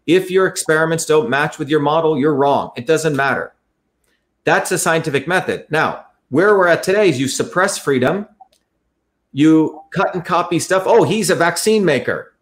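Man, somewhat high voice, earnest, lecturing, repeats himself, interview guest. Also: lively intonation, normal speed. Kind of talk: explanatory interview talk.

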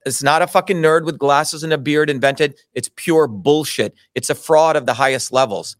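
This studio-quality recording, free of room sound, captures a middle-aged man with a slightly high voice talking at a moderate pace. In an interview he heatedly relates his own experience, emphatic, indignant, and full of swearing.

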